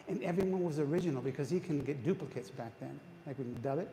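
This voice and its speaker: Fast and dark-toned, his voice on the high side, a retreat speaker preaches to a congregation in a church hall. He keeps them engaged by quizzing them, often restarting his sentences, and the recording has long hall reverb and faint background noise.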